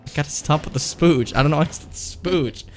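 A man's voice: fairly high pitch, fairly quick, soft background music. A man coaching a video game player on a livestream, swearing casually, teasing, and laughing often.

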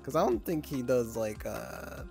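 A man talking casually to his stream chat in a mid-pitched voice. He swears freely, laughs a lot, and flips between being flustered and teasing. Faint music plays underneath. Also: very animated, measured pace, creaky, darkish tone. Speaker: livestreamer.

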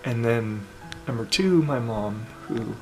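A man vlogging to camera in a heartfelt, casual way, halting and full of pauses and ums. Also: mid-range voice, rough recording. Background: music playing.

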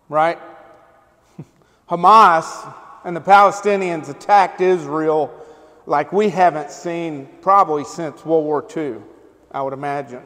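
Speaking slowly in a high, bright, forceful voice, a male pastor preaches a sermon in a church sanctuary. He stays loose and conversational, often checking in with the congregation with "right?" and "amen?", and the recording has long church hall reverb.

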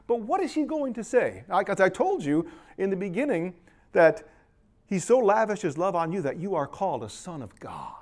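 A middle-aged pastor preaching earnestly to a men's retreat, speaking straight to the men. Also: male voice, high voice, sing-song, fairly quick, darkish tone.

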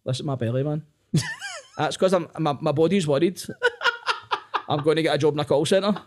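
A man's voice: a little high, huge pitch swings, moderate pace. Sweary Glaswegian man, laughing a lot. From Scotland. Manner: sweary, laughs often mid-story. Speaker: stand-up comedian, podcast guest. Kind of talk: casual podcast chat.

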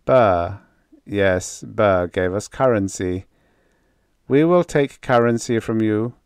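A man voicing a slow, deliberate male Martian engineer in an audiobook, with clipped, measured replies. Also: lowish voice, darkish tone, smooth, no echo, clean studio sound.

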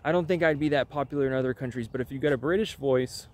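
A man's voice: mid-range voice, fast talker, a little mellow. Rambling wry man vlogging. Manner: rambling, wry, offhand asides. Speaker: channel host. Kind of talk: casual vlog chat.

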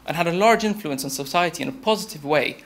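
A man's voice: a little high, quick pace, a bit bright, a little hiss or hum. A young man giving a TED-style talk, telling a story in a conversational way and speaking to the audience directly.

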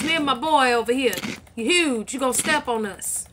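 Woman gaming, high lively voice, bragging and trash talking, keyboard clicks behind. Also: normal speed, noisy background. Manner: playful, boastful trash talk. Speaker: gaming channel co-host. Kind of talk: casual gameplay commentary.

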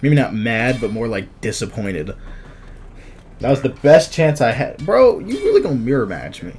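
A young man giving live commentary over his fighting-game matches, casual and self-critical, muttering under his breath and then yelling out at big moments. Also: medium pitch, wildly swooping pitch, normal speed. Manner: reactive, swings from muttering to sudden shouts. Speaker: gameplay commentator.

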